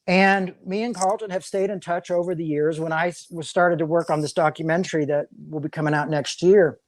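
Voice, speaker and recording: Pastor guy rambling thru a story, lots of restarts, kinda high voice, dry close sound. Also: fairly even intonation, a little fast, no room sound. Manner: rambling, many restarts and repeated words. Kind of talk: casual interview storytelling.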